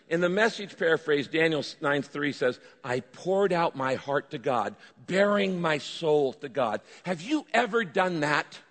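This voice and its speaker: A male pastor delivers a lively sermon with a somewhat high voice, slipping into raised, pleading voices when he acts out prayers. His words ring out with the long reverb of a large church hall.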